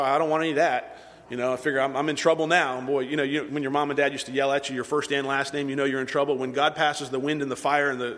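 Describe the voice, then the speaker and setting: A man's voice: medium pitch, a bit bright. A man preaching a sermon to a congregation, retelling scripture in a conversational, earnest storytelling way. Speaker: pastor. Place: church hall with congregation. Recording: long hall reverb.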